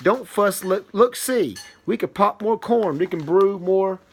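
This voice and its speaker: A small, kindly mouse from a picture book, speaking in a gentle, coaxing way, as a man reading aloud puts it on. The voice sits a little higher than ordinary talk and stays soft and reassuring. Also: expressive, unhurried, full character voice. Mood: soothing. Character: small kindly mouse soothing his friends.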